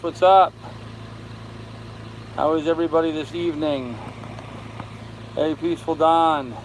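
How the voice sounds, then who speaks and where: An older man hosting a casual live stream from his boat, tired and unhurried, greeting viewers by name as he reads their comments. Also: a little high, darkish tone, rough recording. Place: on a sailboat with air conditioning and fan running. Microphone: phone. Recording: faint fan and air-conditioner hum behind.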